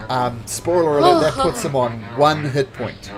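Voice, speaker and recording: A man running a tabletop game as game master, narrating animatedly with chuckles and quick self-corrections. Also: mid-range voice, over loud music.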